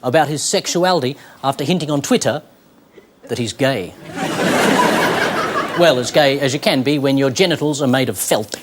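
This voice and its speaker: A man's voice: mid-range voice, moderate pace, long pauses, a little hiss or hum. A man with an Australian accent hosting a satirical news comedy show, delivering a punchy, sardonic monologue with mock-grand flourishes. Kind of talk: stand-up style news monologue. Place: television studio with live audience. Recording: loud studio audience laughter and applause.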